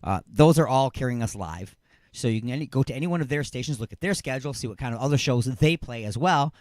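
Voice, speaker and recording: A man hosting a live radio talk show, plugging his station in a loose, rambling way with playful jokes, swinging from loud hype to mumbled asides. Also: mid-range voice, expressive, fast, no room sound, clean studio sound. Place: radio studio.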